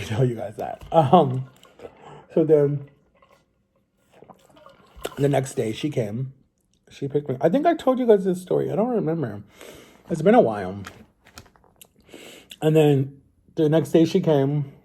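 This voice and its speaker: Husky, very dark-voiced man rambling. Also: medium pitch. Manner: rambling, chatty, often addresses viewers as guys. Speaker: vlogger. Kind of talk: casual storytelling to viewers.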